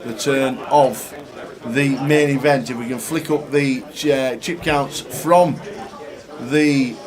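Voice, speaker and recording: A man's voice: medium pitch, fairly even intonation, takes it slowly. A man commentating a poker live stream, upbeat and chatty, wrapping up the day's results. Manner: upbeat, chatty, wraps up with thanks. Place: poker room at a live event. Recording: noisy crowd behind.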